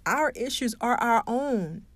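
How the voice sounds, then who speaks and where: A woman's voice: fairly high pitch, lively intonation, slow pace, breathy edge, dry recording. A woman from Atlanta, hosting a motivational podcast and telling stories with acted-out dialogue and easy laughter. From Atlanta, Georgia. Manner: storytelling, acts out dialogue, laughs easily. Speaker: podcast host.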